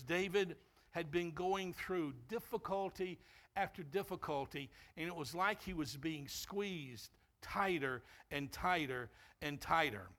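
A man, a pastor, preaching a sermon and shifting into a quiet storytelling tone for a personal anecdote. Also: sits high.

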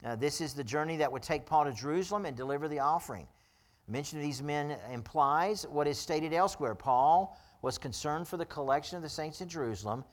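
A man's voice: fairly high pitch, fairly quick. A man serving as pastor, preaching a sermon in a conversational way with dry humor and frequent chuckles.

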